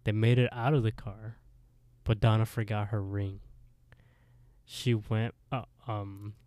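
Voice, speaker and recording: A man's voice: fairly low pitch, a little slow, no echo. A man co-hosting a podcast, casually retelling a TV episode with lots of swearing and laughter. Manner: animated storyteller, swears, laughs often. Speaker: podcast co-host.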